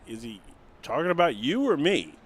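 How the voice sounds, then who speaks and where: A man's voice: fairly high pitch, sing-song, moderate pace, husky. A middle-aged man doing color commentary for a sim race, easygoing and rambling with many fillers.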